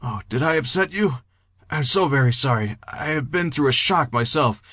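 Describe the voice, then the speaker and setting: A man's voice: medium pitch, expressive, normal speed, pushed and bright, husky, no room sound, studio quality, pitched above the performer's own voice. A man voicing a confused, politely formal character with old-fashioned speech. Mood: bewildered.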